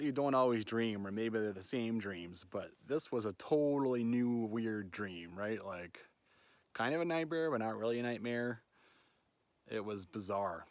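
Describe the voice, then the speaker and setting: This solo backpacker films himself hiking a wilderness trail, talking into a phone he holds in his hand. His voice is on the low side with no room sound, and his casual vlog chatter rambles, frequently ending in "right?".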